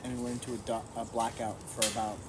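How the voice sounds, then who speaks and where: A man's voice: medium pitch, flat delivery, fast talker, a crowd in the background. A man from the New York metro area telling a long, rambling story to friends in a casual chat, restarting sentences as he goes. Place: outdoors around a firepit. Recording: noisy background.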